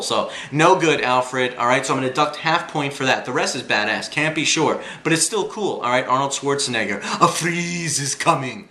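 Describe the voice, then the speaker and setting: Bright-voiced, slangy male movie reviewer. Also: mid-range voice, expressive, moderate pace, few pauses. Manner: enthusiastic, slangy, joking. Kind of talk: casual movie review vlog. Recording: echoey room with faint hum.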